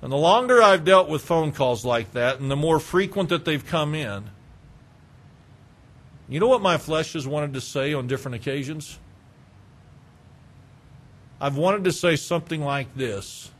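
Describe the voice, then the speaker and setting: A man's voice: on the high side, expressive, measured pace, pauses often. A man, preaching a sermon as pastor, emphatic and repetitive, acting out phone calls in quoted voices. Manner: emphatic, repeats phrases, acts out phone calls.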